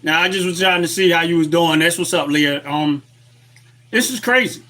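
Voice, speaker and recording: A man with a voice on the high side, steady, brisk, and fairly bright in tone, hosts a political livestream from his desk webcam setup. He rants heatedly and repetitively in a fired-up way, greeting viewers and reading chat aloud.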